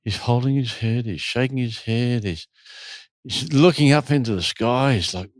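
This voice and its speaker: A man's voice: mid-range voice, normal speed, no room sound. A man who runs a retreat, telling a long story in an interview and acting out the people in it. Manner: animated storyteller, acts out quotes. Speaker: retreat host.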